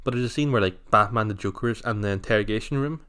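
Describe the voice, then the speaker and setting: Brief: man, lower voice, relaxed film chat, says "aye" a lot. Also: fast talker, clear, resonant tone. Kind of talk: casual chat about films.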